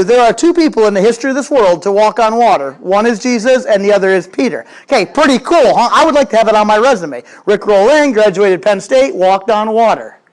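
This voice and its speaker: A male pastor preaching with a lively voice that swings up and down in pitch. He tells a Bible story like a conversation, throws in jokes and acts out the quotes. He keeps talking straight to the people in front of him. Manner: conversational, addresses the congregation directly. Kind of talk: sermon.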